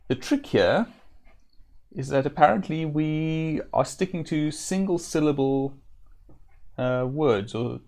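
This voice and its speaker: Gravelly man musing over a game. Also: a little high, animated, slow pace, pauses often, a little mellow. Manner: casual, thinking aloud, hesitant fillers. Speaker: streamer. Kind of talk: live-stream gameplay commentary.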